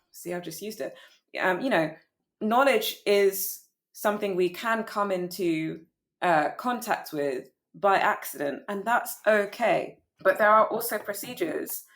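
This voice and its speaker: A woman poet in casual conversation about her own poem, animated, laughing often and restarting her sentences. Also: medium pitch. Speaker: poet, guest.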